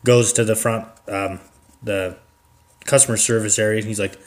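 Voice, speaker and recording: A man's voice: on the low side, steady tone, normal speed. A man chatting casually about a comedy character, laughing often and acting out bits of dialogue. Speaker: co-creator describing a character. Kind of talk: casual chat.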